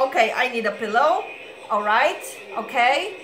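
A woman with a fairly high voice that swings widely, gushing and exclaiming as she reacts as a fan. She talks slowly and sounds sleepy. The room is echoey, with music playing behind her. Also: expressive, fairly bright tone. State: sleepy, just woke up. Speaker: reaction video host. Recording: roomy echo with show music playing. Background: music from the video being watched.

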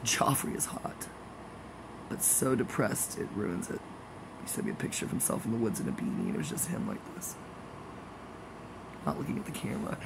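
A man's voice: fairly low pitch, wildly swooping pitch, fairly quick, creaky, long pauses, noisy background. A man in a rambling, casual monologue, jokey and gossipy with meandering asides.

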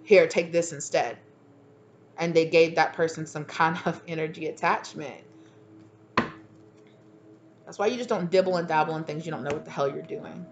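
A woman's voice: low-pitched, moderate pace, pauses often, background noise. A woman giving a casual channeled tarot reading, sassy and slangy, laughing at herself. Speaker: tarot reader.

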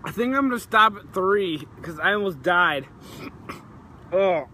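Outdoors in hot weather, a male vlogger eats raw onion, gagging and groaning as his mouth burns and he turns teary and sweaty. His high-pitched, sharp voice is slow but lively in intonation, with slight background noise in this casual vlog.

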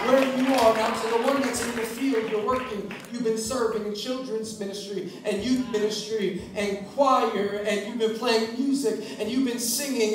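A man with a high voice preaches an impassioned altar-call sermon in a rhythmic, repeating cadence that swells into shouts. He sounds far from the mic in a very echoey church hall. Worship music plays under him and a congregation answers. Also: background noise.

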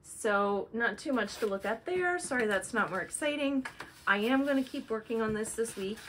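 A woman's voice: fairly high pitch, expressive, moderate pace, a bit bright, slight background noise, poor audio. Chatty woman rambling through her projects. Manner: chatty, rambling, self-correcting. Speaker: flosstube host. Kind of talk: casual show-and-tell chat.

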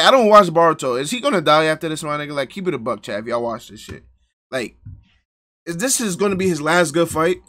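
A man hosting a live reaction stream, excitable and profane, bantering with his chat. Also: on the high side.

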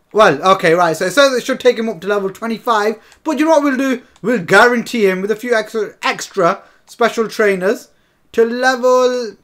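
A man giving excitable, chatty commentary over a football video game, often calling to his viewers as lads. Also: sits high. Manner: chatty, keeps calling viewers lads, bursts into shouts and laughs. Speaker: gaming YouTuber.

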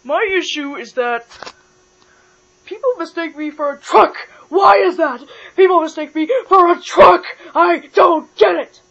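A woman voicing a loud, confused male bulldog toy who keeps repeating himself and shouts. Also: high-pitched, sing-song, normal speed, heavily acted. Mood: insistent. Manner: shouty, insistent. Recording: dull lo-fi with mains hum.

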